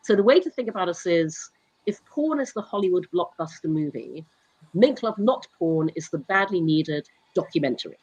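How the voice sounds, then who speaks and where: A woman's voice: lowish voice, expressive, normal speed, a little mellow, no room sound, poor audio. Stuffy-voiced woman, polished and articulate. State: stuffy with flu. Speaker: guest, company founder. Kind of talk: interview. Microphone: video call.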